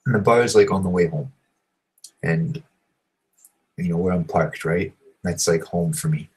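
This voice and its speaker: A man telling a crude, rambling story, swearing constantly and filling every pause. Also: low-pitched, darkish tone, breathy edge, poor audio. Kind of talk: profane storytelling monologue.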